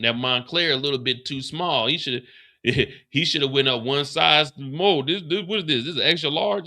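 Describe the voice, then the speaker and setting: A man hosts a live stream and recaps a TV episode in casual, profane talk. His voice is gravelly with a bright, forward edge, and he talks in an animated way. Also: medium pitch.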